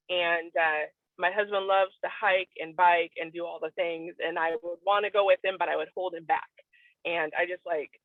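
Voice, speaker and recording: A woman's voice: lowish voice, fairly even intonation, normal speed, no room sound. Earnest woman on a tinny phone line. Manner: earnest, candid, tearing up at times. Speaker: guest sharing a testimonial. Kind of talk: emotional personal testimony on a video call.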